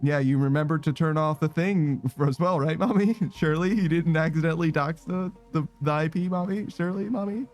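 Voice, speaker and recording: A male streamer chatting casually on a live stream, rambling through shout-outs and often laughing and swearing. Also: a little high, a little fast, few pauses, faint music behind. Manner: keeps tacking a running joke word onto sentences, laughs and swears often.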